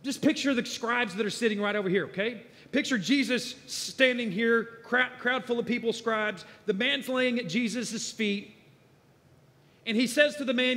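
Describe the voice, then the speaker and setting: A man preaching a sermon in a conversational way, building to emphatic bursts and then dropping low and quiet. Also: moderate pace. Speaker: guest preacher. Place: church sanctuary. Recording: church hall reverb.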